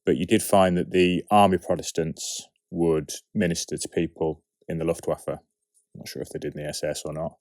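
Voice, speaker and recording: Low-voiced man with wry asides. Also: flat delivery, brisk, darkish tone, no echo, clean studio sound. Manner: conversational, asks himself questions and answers them, wry asides. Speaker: writer and producer of an audio drama series. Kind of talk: behind-the-scenes production commentary.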